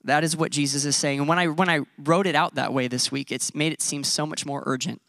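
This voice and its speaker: A man's voice: on the high side, fairly even intonation, fairly quick, fairly bright tone, no room sound, studio quality. Conversational man preaching in his thirties. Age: 30s. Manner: conversational, self-deprecating preaching. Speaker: pastor. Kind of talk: sermon.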